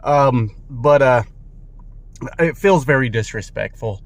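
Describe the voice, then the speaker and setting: A man vlogging from inside a car while driving, talking casually and candidly, rambling with fillers, swearing now and then, and sometimes getting loud. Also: mid-range voice, slow pace, no room sound. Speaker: truck driver vlogger. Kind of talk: casual vlog monologue. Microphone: camera in car. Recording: loud road and car noise. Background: car and traffic noise.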